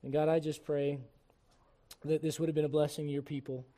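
A middle-aged man from Puerto Rico preaching a sermon to a congregation, shifting from fervent shouts to quiet, earnest appeals and slipping in jokes. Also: fairly high pitch, little pitch movement, a little fast. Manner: joking asides to the congregation. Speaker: pastor. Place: church service before a congregation.

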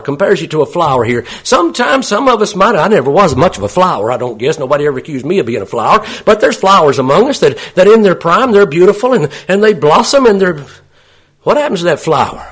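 A man's voice: a little high, big pitch swings, quick pace, slightly rough. A man preaching a sermon in a folksy, plain-spoken way, often asking his listeners questions.

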